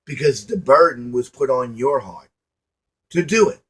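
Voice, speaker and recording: Man, preachy monologue, folksy, emphatic, repetitive rhetorical questions, mid-pitched voice. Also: animated, unhurried, a bit bright, husky. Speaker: online commentator. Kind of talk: motivational monologue to camera.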